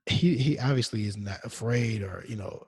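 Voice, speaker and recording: A man co-hosting a casual podcast, telling stories in a relaxed way with many fillers and restarts. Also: mid-range voice, normal speed, slightly rough. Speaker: podcast co-host. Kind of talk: casual chat. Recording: long reverberant echo.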